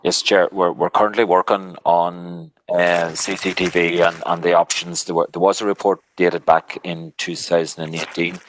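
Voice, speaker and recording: A man's voice: sits low, flat delivery, normal speed, hardly any pauses, slight background noise, rough recording. A man council officer answering a question, hesitant and repeating his words.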